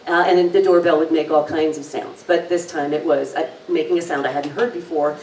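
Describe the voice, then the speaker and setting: Woman, talk presenter and relaxation guide; slow, gentle delivery, slightly low voice; distant, roomy recording. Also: fairly even intonation, a little hiss or hum. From lived long in New Zealand. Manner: unhurried, gentle, lingers on words. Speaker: speaker leading an intuition talk. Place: talk in a room with an audience. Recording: echoey room, mic at a distance.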